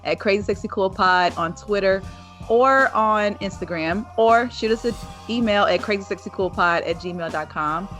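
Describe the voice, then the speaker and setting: A woman's voice: medium pitch, moderate pace, a bit bright, soft background music. A woman co-hosting a podcast, chatting casually and laughing often as she wraps up the show. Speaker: podcast co-host.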